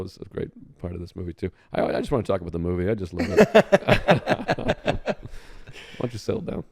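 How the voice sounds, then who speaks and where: Comedian guy on a podcast, lowish voice, gushing about a movie, doing the lines. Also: huge pitch swings, moderate pace, vocal fry, husky. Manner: enthusiastic, quotes lines in character. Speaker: guest comedian. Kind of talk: casual podcast chat.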